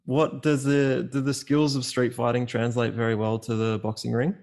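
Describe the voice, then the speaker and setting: A man's voice: medium pitch, little pitch movement, normal speed, creaky, a little mellow. A man hosting a podcast, chipping in with short, encouraging remarks. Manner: brief, affirming interjections. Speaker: podcast host. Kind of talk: casual interview chat.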